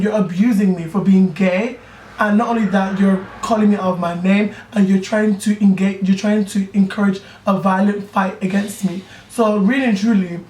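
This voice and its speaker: A young man tells friends a personal story in casual chat, animated and chatty, often checking in with his listeners. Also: high voice, far from the mic. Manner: animated, chatty, keeps asking "do you know what I mean". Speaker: YouTuber telling a personal story. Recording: echoey room, voice off-mic, faint hiss.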